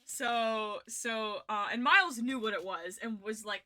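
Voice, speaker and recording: A woman's voice: medium pitch, measured pace, few pauses, bright, forceful tone. A young woman streaming, chatting casually and rambling with frequent giggles and restarts. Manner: giggly, rambling, self-interrupting. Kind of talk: casual livestream chat.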